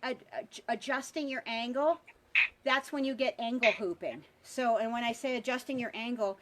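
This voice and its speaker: A woman's voice: fairly high pitch, fairly bright tone, slight background noise. A woman teaching a live hula hoop workshop outdoors by a pond, chatty and encouraging.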